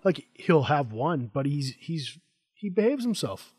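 A man's voice: a little high, very animated, unhurried, darkish tone, husky. A man hosting a casual interview over a video call, telling stories and mimicking people. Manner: chatty storyteller, does voices of people. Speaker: podcast host.

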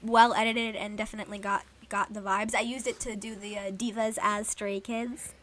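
A young woman chatting casually as a podcast co-host, rambling and animated as she gushes like a fan. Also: medium pitch, normal speed. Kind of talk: casual chat.

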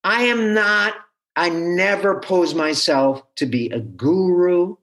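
A man who teaches, talking as a guest in an interview in a halting, animated way with frequent restarts. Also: high voice. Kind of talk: conversational interview.

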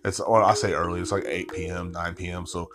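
A man in his thirties with a very low voice tells a story on his podcast. He rambles loosely, stacking swear words and "you know what I'm saying" asides. He sounds tired. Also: flat delivery, fairly quick. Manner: rambling, heavy swearing, frequent filler asides. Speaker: podcast host. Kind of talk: casual storytelling monologue.

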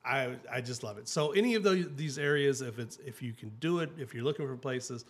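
A man's voice: mid-range voice, a little fast. A man hosting a travel show, chatting casually and enthusiastically, with many fillers and restarts.

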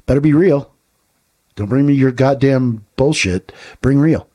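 Husky, blunt, profane man. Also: medium pitch, a little slow, warm tone. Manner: blunt, profane, rhetorical questions. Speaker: podcast co-host. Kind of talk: casual podcast talk.

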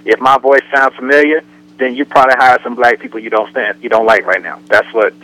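A man's voice: mid-range voice, brisk, poor audio. A man co-hosting a casual radio talk show, telling jokes and acting out the way people talk. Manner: joking storyteller, animated impressions.

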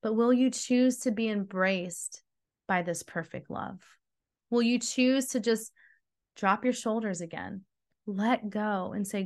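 A woman's voice: medium pitch, takes it slowly, a little mellow. A woman hosting a devotional teaching, earnest and emphatic, speaking straight to her listeners. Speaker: podcast host and Bible teacher.

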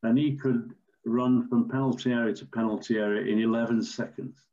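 An older man, a former referee, telling stories in a measured, storytelling way with some fillers. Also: mid-range voice, steady tone, warm tone, dull audio. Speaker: former football referee, podcast guest. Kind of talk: anecdotal interview answers.

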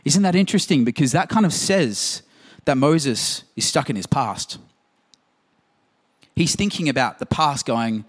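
A man's voice: mid-range voice, lively intonation, measured pace, pauses often. A man preaching a sermon in a conversational, emphatic way, full of rhetorical questions. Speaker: pastor.

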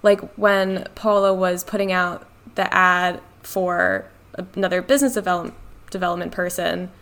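A woman's voice: on the low side, fairly even intonation, moderate pace, fairly bright tone. A young woman, a guest in an interview, talking in a chatty, upbeat way, saying "like" a lot and laughing easily. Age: young adult. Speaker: guest in business development. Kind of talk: casual interview chat.

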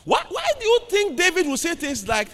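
Preacher, male, high and lively voice, slow and emphatic, bright tone, shouts for emphasis. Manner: preaching with call-and-response to the congregation. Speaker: pastor. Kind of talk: sermon. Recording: long hall reverb.

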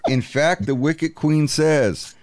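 A man's voice: on the high side, background noise. A man in casual chat, quizzing the others in a teasing way and drawing out his reveals. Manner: teasing quizmaster, drawn-out dramatic reveals.

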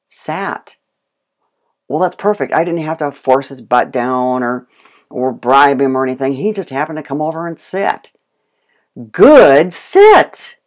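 Low-voiced woman teaching dog training. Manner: animated, acts out praise and dog voices. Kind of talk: instructional talk.

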